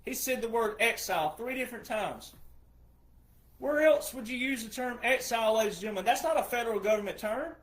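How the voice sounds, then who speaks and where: A man's voice: extremely high pitch, lively intonation, fairly quick, a bit bright. A man who is a retired veteran, giving an emphatic monologue full of repetition and rhetorical questions. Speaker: retired military veteran commentator.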